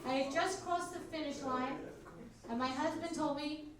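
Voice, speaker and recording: In an echoey club, picked up by a distant mic over crowd noise, a high-pitched woman talking at normal speed fills the gaps between acts. She's the host, bantering brashly and crudely with the live crowd while mocking herself.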